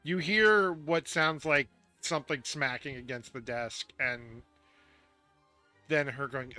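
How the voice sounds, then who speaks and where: A man narrating as game master in a tabletop game, halting and restarting his phrases. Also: medium pitch, pushed and bright, soft background music.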